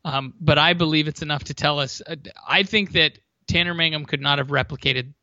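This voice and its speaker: Bright-voiced guy rambling on a sports podcast, dull dry lo-fi sound. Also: on the high side, fairly even intonation, a little fast, no room sound. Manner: chatty, rambling, restarts mid-sentence. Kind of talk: casual chat.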